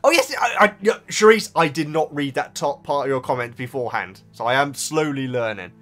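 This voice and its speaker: A man's voice: on the high side, expressive, a little fast, a bit bright, soft background music. A man hosting his own video, reading out viewer comments in casual chat and often stumbling over his words and restarting.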